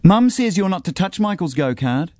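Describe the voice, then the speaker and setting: A man putting on a pert, needling little girl, her voice lifted high above his own. Close, dry storybook reading. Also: big pitch swings, moderate pace, darkish tone, no room sound. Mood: bossy. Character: young girl, bossy little sister.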